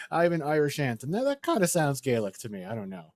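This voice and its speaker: A man's voice: fairly high pitch, wildly swooping pitch, moderate pace, dry recording. Joking man streaming a speedrun. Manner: loose and joking, chatting with viewers. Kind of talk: casual live-stream chat.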